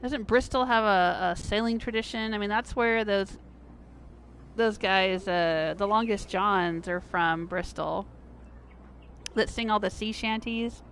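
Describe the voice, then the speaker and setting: A woman's voice: measured pace, a bit bright. Middle-aged american lady chatting on her game stream, laughs a lot, faint hiss behind. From United States. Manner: chatty, laughs often, jumps to a high pitch when surprised. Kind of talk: casual livestream chat.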